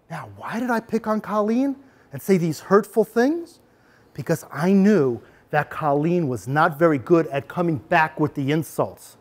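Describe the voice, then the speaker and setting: A middle-aged man presenting an anti-bullying workshop to parents, animated and acting out scenes. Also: a little high, measured pace. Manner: animated, acts out scenes for the audience.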